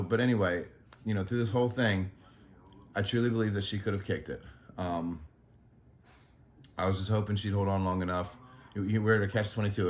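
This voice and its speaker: A man who runs an animal sanctuary, speaking in an emotional vlog monologue, halting and frustrated, often swearing. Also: deep voice.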